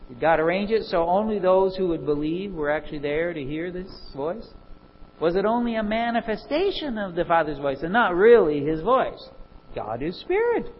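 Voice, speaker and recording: A man preaching a sermon, animated and full of rhetorical questions. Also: high-pitched, normal speed, highs cut off, slight background noise.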